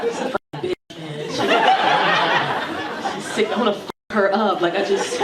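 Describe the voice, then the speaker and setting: A woman's voice: medium pitch, echoey room, far from the mic, slight background noise. A woman in her thirties doing profane stand-up storytelling, acting out voices in her stories on a club stage. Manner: animated, profane, acts out voices in quotes. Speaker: stand-up comedian. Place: comedy club stage with live audience. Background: audience laughter.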